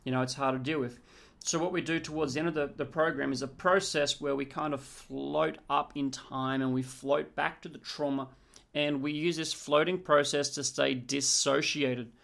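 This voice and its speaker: An NLP trainer talks through a lesson on future pacing and leads sections of guided imagery. The delivery is animated, with short acted-out client lines, and it slows down and drops to a soft level for the calm imagery parts. The pitch sits in a middle range. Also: gravelly. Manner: animated, acts out client voices, hushed guided-imagery passages. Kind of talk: teaching with guided demonstration.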